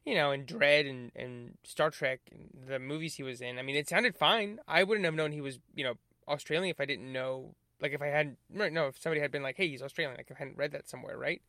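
A man's voice: on the high side, fast talker, few pauses, pushed and bright, dry recording, studio quality. A man in casual podcast chat who explains at length, swears casually and keeps affirming with "right" and "mm-hmm".

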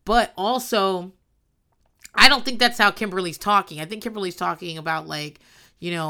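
Loud and lively, a woman chats her way through a reality show recap, cursing freely, laughing a lot, and performing the quotes. She talks fairly quickly at a medium pitch.

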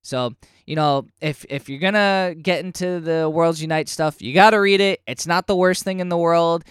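Podcast co-host, male, slightly higher voice, casual and animated, swears when riled. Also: moderate pace, clear, resonant tone, no room sound, studio quality. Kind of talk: casual comic book review chat.

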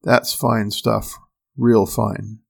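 Gravelly old engineer guy, hurting, dry and strained, a man doing the voice. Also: medium pitch, normal speed, a little mellow. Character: old injured male spaceship engineer, gruff.

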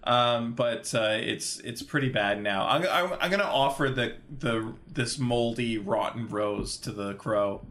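A man's voice: medium pitch, measured pace, hardly any pauses, a bit bright. Playful male role-play player. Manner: playful, laughing.

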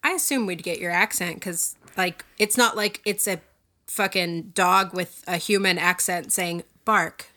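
A woman's voice: lowish voice, unhurried, sharp tone. A woman playing a tabletop role-playing game, sarcastic and casual, swearing and laughing freely. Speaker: player. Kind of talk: tabletop role-play banter.

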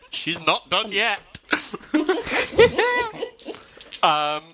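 A man's voice: sits high, very slow, a crowd in the background, rough recording. A man playing a tabletop game, calling out his dice rolls with many hesitant ums. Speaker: player.

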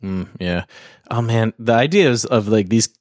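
A man's voice: on the low side, animated, moderate pace, a little mellow, dry recording, studio quality. Guy hosting a chatty podcast game, teasing and laughing, bouncy voice. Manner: playful, teasing, laughs easily. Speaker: podcast host running a word game. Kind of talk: casual chat.

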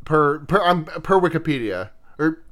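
Guy on a podcast going through a movie plot, swears a lot, giggles, restarts sentences, slightly high voice. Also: expressive, measured pace, fairly bright tone. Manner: profane, giggly, rambling with restarts. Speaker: podcast host. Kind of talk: casual chat, retelling a film's plot.

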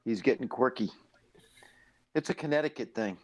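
A man's voice: mid-range voice, animated, moderate pace, dry recording. A laid-back man co-hosting a chat, rambling and cursing freely. His voice sits mid-range and sounds close and dry, with no room around it. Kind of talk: casual chat.

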